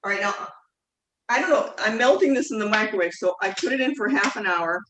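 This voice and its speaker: A woman's voice: mid-range voice, lively intonation, a little fast. Chatty woman teaching cooking in an echoey room. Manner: chatty, rambling, self-correcting with frequent fillers. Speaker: cooking class instructor. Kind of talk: live online cooking demonstration. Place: home kitchen. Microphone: video call mic at a distance. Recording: echoey kitchen, distant mic, faint noise.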